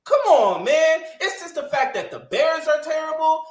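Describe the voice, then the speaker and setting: A woman co-hosting a sports podcast goes on a heated, emphatic rant, cussing freely in casual talk. Her voice is high-pitched and sing-song at a moderate pace, recorded in an echoey room.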